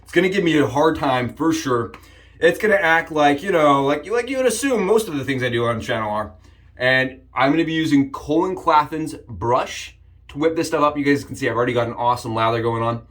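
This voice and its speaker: A man hosting a casual shaving vlog, upbeat and jokey, rambling with frequent restarts and sudden excited jumps in pitch. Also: a little fast. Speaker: shaving channel host. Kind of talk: casual shave demonstration vlog.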